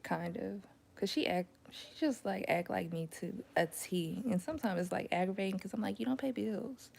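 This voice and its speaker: A woman's voice: mid-range voice, moderate pace, vocal fry, darkish tone. A young woman chatting casually as a mom, telling stories with slangy asides and frequent laughter. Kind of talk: casual chat.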